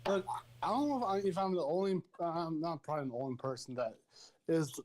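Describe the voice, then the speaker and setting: A man's voice: a little high, fairly quick, a little mellow, rough recording. A man on a casual podcast who talks hesitantly, stumbling and restarting often.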